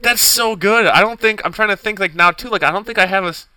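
Excitable, very bright-voiced man. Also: sits high, rapid-fire, poor audio. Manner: excitable, profane, laughs a lot, stammers restarts. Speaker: podcast co-host. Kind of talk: casual chat.

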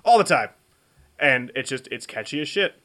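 A man's voice: medium pitch, lively intonation, normal speed, a bit bright. A married man co-hosting a casual movie podcast, joking and swearing in a laid-back way.

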